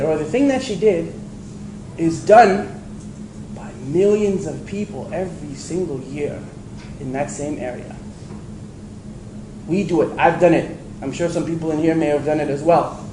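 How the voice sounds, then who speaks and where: A man giving a storytelling religious lecture to an audience, animated and acting out the voices he quotes. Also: sits high. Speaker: preacher. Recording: echoey hall with faint ambient noise.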